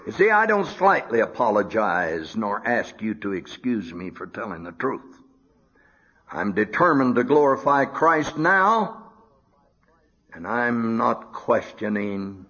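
On a dull lo-fi recording, an older man gives a sermon slowly, his voice carrying a breathy edge. He's animated, dropping to a low murmur and then rising into high, emphatic outbursts.

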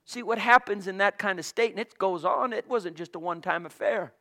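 A man preaching a sermon with great passion, swinging from loud cries to hushed whispers. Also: sits high, a little fast. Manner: impassioned, swings from shouting to whispers.

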